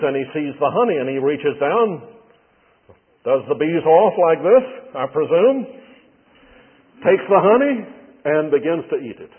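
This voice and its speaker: Male pastor, sermon, folksy and wry, slightly husky, a bit high-pitched, echoing hall, thin phone-like sound. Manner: folksy storytelling with touches of humor. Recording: tinny broadcast with long hall reverb.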